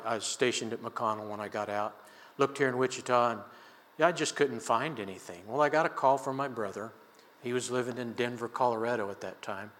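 Delivering a sermon, an older male preacher pairs scripture with a folksy personal story and chuckles easily along the way. His medium-pitched voice is bright and forceful. The recording rings with the long reverb of a large church sanctuary.

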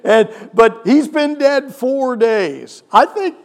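A male pastor preaching a sermon, animated, with rhetorical questions and chuckles, in a church. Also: very high voice, slow, creaky. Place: church sanctuary. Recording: long church hall reverb.

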